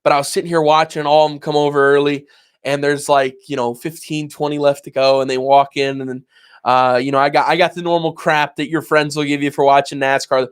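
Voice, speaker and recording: A man's voice: on the high side, flat delivery, a little fast, clean tone. A man in his twenties co-hosting a podcast, chatting casually and acting out his own past reactions as he tells a story. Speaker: podcast co-host. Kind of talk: casual chat.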